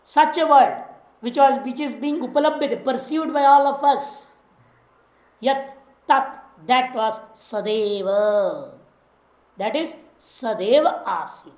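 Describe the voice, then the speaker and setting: A woman's voice: high-pitched, darkish tone, reverberant, rough recording. Woman teacher explaining Sanskrit scripture. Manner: recites a Sanskrit phrase, then glosses it slowly word by word. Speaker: Vedanta teacher. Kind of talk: scripture class, reading Sanskrit and explaining in English.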